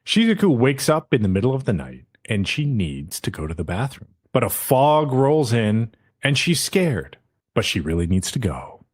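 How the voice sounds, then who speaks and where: A man's voice: medium pitch, big pitch swings, moderate pace, slightly rough. A man hosting a podcast, casually recapping an anime episode and acting out the characters' lines with frequent swearing.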